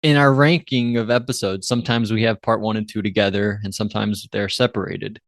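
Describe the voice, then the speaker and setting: A man in his twenties co-hosting a podcast, chatting casually with quick, joking banter and some swearing. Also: on the low side, fairly even intonation, vocal fry, no room sound, studio quality. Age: 20s. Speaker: podcast co-host. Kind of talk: casual chat.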